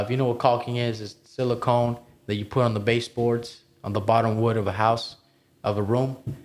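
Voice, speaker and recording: A man who came to the United States as an immigrant kid tells his own story as a podcast cohost, in an emphatic, motivational way, swearing and calling listeners "bro.". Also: mid-range voice. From immigrated to the United States as a child. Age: adult, past twenty-one. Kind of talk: candid personal story on a podcast.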